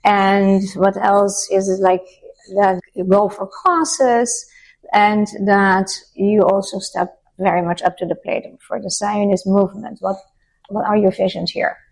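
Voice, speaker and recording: A woman's voice: medium pitch, steady tone, unhurried, gravelly, poor audio. A woman interviewing a rabbi in a casual chat, talking freely and laughing easily.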